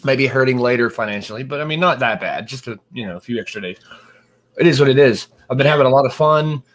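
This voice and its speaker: A man's voice: mid-range voice, quick pace. A man co-hosting a podcast, chatting casually and rambling with lots of fillers and restarts. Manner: rambling, hesitant with many fillers. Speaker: podcast co-host. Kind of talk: casual chat.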